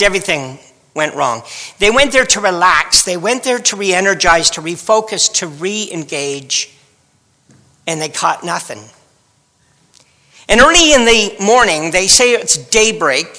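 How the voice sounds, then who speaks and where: A man preaches a sermon, telling the story with wry drama. His voice is high, bright and unhurried, and it rings in a long hall echo. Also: expressive. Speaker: pastor.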